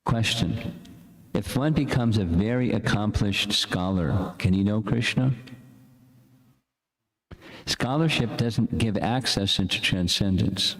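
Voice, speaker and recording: Slow, deep-voiced older man teaching scripture. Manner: slow, chanting verses for the room to repeat; casual, halting lecture with restarts. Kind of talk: scripture class with call-and-response chanting. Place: lecture hall with an audience. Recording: echoey lecture room.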